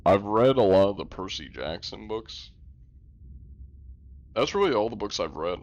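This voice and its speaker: A man's voice: on the low side, expressive, measured pace, a little mellow, highs cut off, a little hiss or hum. A young man streaming live, chatting casually with viewers and joking at his own expense. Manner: jokey, self-deprecating, answers chat.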